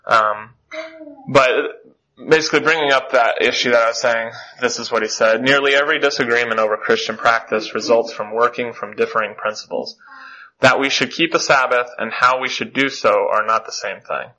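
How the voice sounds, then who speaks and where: Man leading a church class lesson, bright tone, reads quotes then comments. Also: medium pitch, steady tone, a little fast, low-quality recording. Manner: reads quotations aloud with many fillers.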